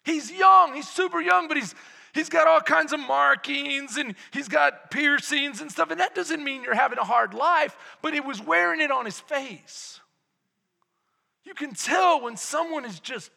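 A man preaching a sermon as pastor, telling a family story with shouted exclamations and quiet, reflective passages. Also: very high voice, lively intonation, moderate pace, creaky. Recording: long church-hall reverb.

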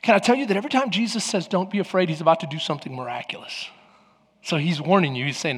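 Male pastor, husky and high-pitched, animated sermon delivery, reverberant hall. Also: quick pace. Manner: animated preaching, acting out voices of crowds.

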